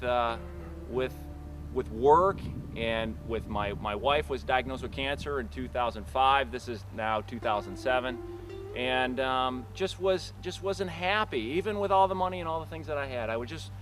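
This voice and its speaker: A man gives a halting, reflective personal testimony about his past. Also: medium pitch, a bit bright. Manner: halting and reflective, many restarts. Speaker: business owner giving a testimony.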